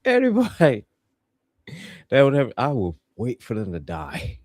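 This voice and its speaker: A man's voice: on the low side, expressive, normal speed, a little mellow, no echo. A man hosting a podcast, reviewing a show in casual, joking chat. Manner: playful, joking, laughs a lot. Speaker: podcast host.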